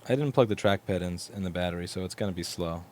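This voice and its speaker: Wry New York man with a low voice. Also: fast, darkish tone, a little hiss or hum. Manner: wry, joking, swears casually. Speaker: repair technician streaming his work. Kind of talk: casual live-stream chat while working.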